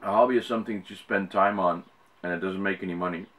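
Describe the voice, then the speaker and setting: A man's voice: low-pitched, fairly even intonation, fast, a bit bright. A middle-aged Dutch man with an American-sounding English accent, talking casually to camera and rambling with lots of fillers and restarts. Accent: Dutch speaker with an American-sounding English accent. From Netherlands. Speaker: YouTuber.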